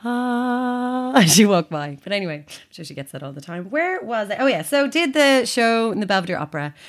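A woman's voice: mid-range voice, sing-song, fast talker. An Irish woman in her thirties, a guest telling stories in a casual chat and laughing easily. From Ireland. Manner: chatty storytelling, laughs easily.

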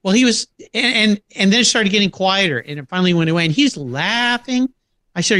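Middle-aged male guest, swooping lively delivery, laughs a lot mid-story. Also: high-pitched, fairly quick, no room sound. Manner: animated anecdotes, acts out quoted voices, laughs often. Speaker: podcast guest. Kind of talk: casual interview storytelling.

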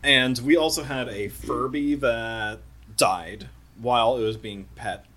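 A man in his thirties, a podcast host, telling a ghost story in a casual, animated way and acting out the sounds. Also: medium pitch, slow. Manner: animated, acts out sounds and quotes.

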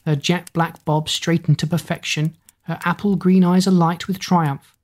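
A woman narrates a storybook at a measured, steady pace. Her voice is low and carries a husky grain. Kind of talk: audiobook narration.

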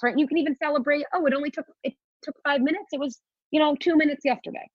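A woman appears as a parenting guest expert in a podcast interview, explaining parenting ideas in an earnest, coaching style and sometimes acting out a child's inner voice in a sing-song. Her voice sits high, animated and very fast. The dry, dull podcast audio has no echo.

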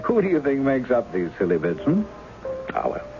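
A man's voice: medium pitch, huge pitch swings, moderate pace, creaky. An actor in his forties playing a charming writer who poses as a woman's lost husband, breezy and teasing, in 1970s radio drama style. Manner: teasing, breezy, later rueful. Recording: dull old radio broadcast with music.

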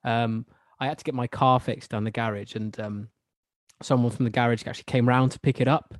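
A man hosting a football podcast in casual chat, talking in a chatty, animated way with stumbling restarts. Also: mid-range voice, fairly quick, no echo, clean studio sound. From Wales. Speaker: podcast host.

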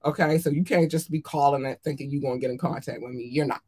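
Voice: mid-range voice, fairly even intonation, quick pace, darkish tone, breathy edge. A podcast host in casual solo chat, effusive and affectionate toward listeners, talking with frequent ums and little laughs. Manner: effusive and affectionate, calls listeners darlings and babies.

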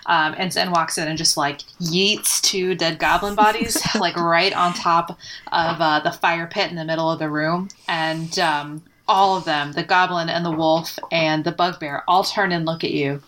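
A woman game master narrating a tabletop game in a loose, chatty way, full of fillers and laughter. Her voice sits slightly low. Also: fairly even intonation, normal speed, fairly bright tone, a little hiss or hum.

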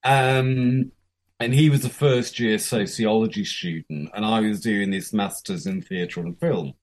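A man's voice: on the low side, animated, unhurried. A man in his fifties from England, a guest telling candid stories about his life, frank and profane, acting out the quotes of the people in them. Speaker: interview guest. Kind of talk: candid storytelling.

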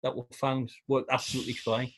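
A man's voice: mid-range voice, flat delivery, a little fast, slightly rough. A man, co-hosting a podcast in casual chat, telling stories and laughing often. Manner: laughs often, jokey storytelling. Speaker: podcast co-host.

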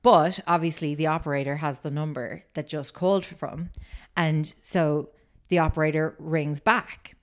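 A woman's voice: sits low, fairly even intonation, unhurried. A woman co-hosting a podcast, telling a story in a rambling casual way with many fillers. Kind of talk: casual chat.

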